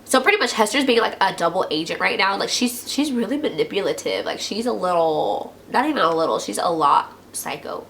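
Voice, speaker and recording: A woman's voice: medium pitch, quick pace, hardly any pauses, slight background noise. A woman chattily recapping a TV episode for her channel, full of "like" and acting out quotes. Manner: chatty, heavy use of "like", acts out quotes in lively voices. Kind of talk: casual TV recap.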